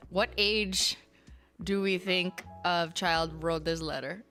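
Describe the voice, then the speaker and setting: Thirties woman from Canada, YouTuber host, lower voice, casual and giggly, faint background music. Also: fairly even intonation, slow, sharp tone. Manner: chatty, reads letters aloud, laughs often, swears casually. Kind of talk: casual livestream reading fan mail.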